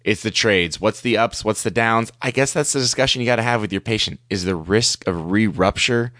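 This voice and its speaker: A man's voice: on the low side, fairly quick, fairly bright tone, no room sound, studio quality. A man hosting a medical podcast, talking through research papers in a conversational, wry and skeptical way. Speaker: podcast host. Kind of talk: casual medical podcast commentary.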